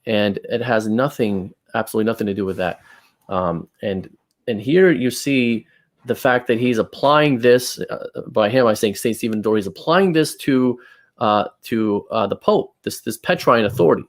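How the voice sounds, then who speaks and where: A man's voice: on the low side, moderate pace. A man hosting a casual apologetics discussion, reading quotations aloud and rebutting them in an exasperated, emphatic way. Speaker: channel host.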